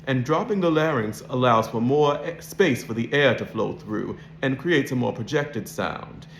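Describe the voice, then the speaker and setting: A man's voice: medium pitch, expressive, normal speed, gravelly, hardly any pauses, reverberant, a little hiss or hum. A man coaching an accent, explaining and demonstrating sounds in a lesson.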